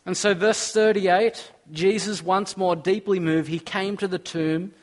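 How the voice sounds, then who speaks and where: A man's voice: sits high, steady tone, a little slow. Earnest man preaching a sermon. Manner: earnest, asks the listeners questions, reads scripture aloud.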